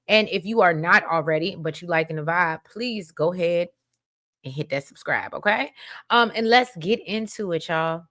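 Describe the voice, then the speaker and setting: A woman with a bright, forceful voice chats through a soap opera recap like she's catching up with friends. She keeps calling her viewers y'all and slips into the characters' lines as she retells the episode. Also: fairly low pitch, moderate pace. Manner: chatty, addresses viewers as y'all, drops into quoted voices. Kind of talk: casual chatty recap to viewers.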